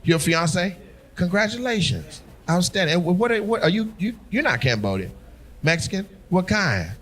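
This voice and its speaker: A man's voice: sits high, very animated, moderate pace, fairly bright tone. A man doing teasing, profane crowd work as a stand-up comedian on a club stage. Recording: live show with crowd noise. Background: audience laughter.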